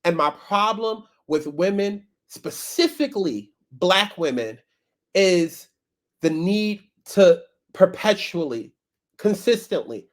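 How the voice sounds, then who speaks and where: A woman's voice: fairly low pitch, lively intonation, takes it slowly. A woman hosting a casual commentary vlog, talking bluntly and sassily and calling her viewers baby and child. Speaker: commentary YouTuber.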